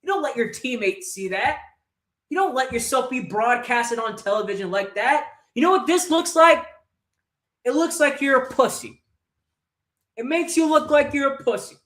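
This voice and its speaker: A man's voice: extremely high pitch, lively intonation, normal speed, a bit bright. A man hosting a football fan livestream, delivering an angry, profane match-reaction rant full of rhetorical questions. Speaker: host of a football fan channel. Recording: roomy echo.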